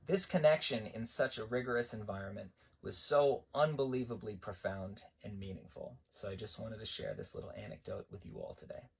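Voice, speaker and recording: Husky, animated male storyteller. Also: lowish voice, brisk, hardly any pauses. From New York. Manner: animated, wry. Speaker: army veteran storyteller. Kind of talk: casual spoken storytelling.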